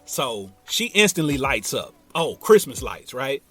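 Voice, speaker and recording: A man's voice: mid-range voice, sing-song, measured pace, a bit bright, soft background music. A man from Ohio hosting a podcast, telling a story in a casual, slangy way and talking straight to his listeners. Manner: laid-back, slangy, talks straight to listeners. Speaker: podcast host.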